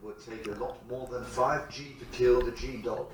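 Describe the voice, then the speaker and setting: A man's voice: mid-range voice, fairly even intonation, moderate pace, a loud crowd, lightly acted. A man playing a fed-up, sweary young lad from in a comedy animation clip, blunt and exasperated. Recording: loud background noise.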